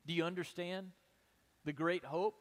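A man preaches a sermon as pastor, his voice pitched notably high for a man. He drives his points with rhetorical questions and moves between hushed and forceful delivery. The sound carries a long reverb from a large hall. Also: fairly even intonation, unhurried. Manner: emphatic preaching, many rhetorical questions, shifts between soft and loud.

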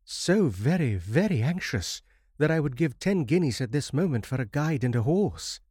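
A man's voice: medium pitch, moderate pace, a little mellow, no room sound, clean studio sound, voice pushed up, close to an everyday voice. A man voicing an anxious young husband and lost traveller in a horror story reading, eager and pleading.

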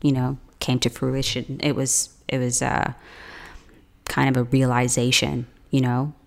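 A woman's voice: very deep voice, little pitch movement, measured pace, gravelly. A woman from Canada telling a personal story in a laid-back, casual way, laughing often and using lots of fillers.

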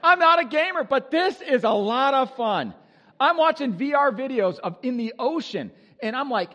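A male pastor preaching an animated, joking sermon with exuberant energy. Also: extremely high pitch, moderate pace, long reverb tail.

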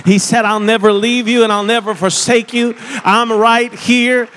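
A pastor preaching a sermon, moving between quiet, halting storytelling and loud, fervent preaching. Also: male voice, very high voice, steady tone, a little hiss or hum. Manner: repeats words and restarts often while telling stories.

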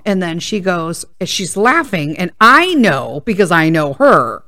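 A woman's voice: fairly low pitch, sing-song, measured pace, hardly any pauses, bright, forceful tone, dry recording, studio quality. A woman hosting a casual storytelling podcast, ranting profanely and drifting into tangents. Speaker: podcast host.

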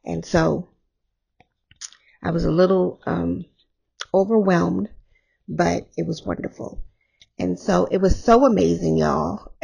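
A woman hosting her own podcast, talking candidly and rambling a little, her voice hoarse after an illness and laughing often. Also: fairly low pitch, steady tone, takes it slowly, long pauses, darkish tone. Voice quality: gravelly. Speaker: podcast host. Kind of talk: candid solo podcast talk.

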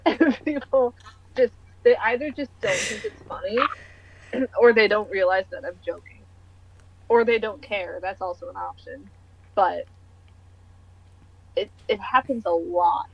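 A woman's voice: medium pitch, a little slow, creaky, pauses often, slight background noise. A young woman chatting casually as a podcast co-host, rambling and poking fun at herself. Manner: chatty, self-deprecating, rambling with restarts. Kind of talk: casual chat. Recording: dull, dry lo-fi recording.

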